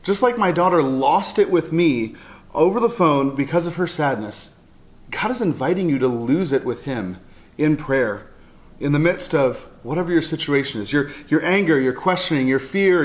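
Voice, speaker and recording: Earnest man preaching, slightly high voice. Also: expressive, normal speed. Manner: earnest, heartfelt, with many restarts. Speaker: pastor and counselor. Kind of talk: sermon.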